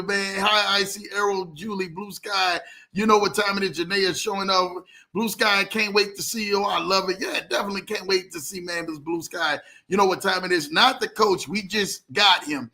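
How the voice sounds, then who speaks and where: A man hosting a casual livestream, animated, greeting viewers by name and telling stories in loose slang. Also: high voice, moderate pace. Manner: animated, reads out viewer comments, Southern US slang. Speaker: livestream host.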